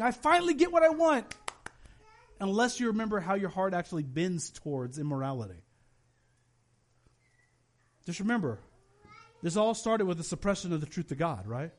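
A man preaching a sermon as a pastor, telling stories with animated delivery and acting out the people he quotes. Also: high voice. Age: adult, has children. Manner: animated storytelling, voices quoted parents.

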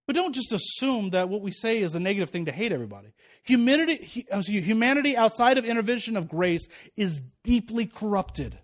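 A man with a notably high voice preaches a sermon as a pastor. His delivery is animated, sinking low and soft for asides, then climbing high and loud when he warns his listeners. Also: fast talker.

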